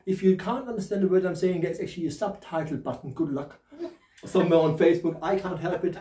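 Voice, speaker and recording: A man's voice: high voice, expressive, fairly quick, warm tone, reverberant, distant mic, poor audio. A man with a German accent and a slight lisp from new dentures, hosting a chatty, jokey tarot reading. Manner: chatty, jokey, laughs at himself. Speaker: tarot reader and host. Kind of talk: casual spoken tarot reading.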